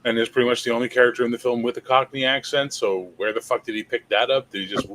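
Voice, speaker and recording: A man's voice: mid-range voice, fairly even intonation, fast, fairly bright tone. A man as a podcast guest in casual chat, sarcastic and jokey. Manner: sarcastic, jokey, mock voices.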